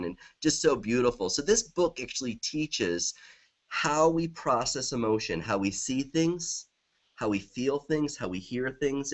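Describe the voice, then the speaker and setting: A middle-aged man, a guest author in a conversational interview, talking with enthusiasm and repeating affirmations. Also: mid-range voice.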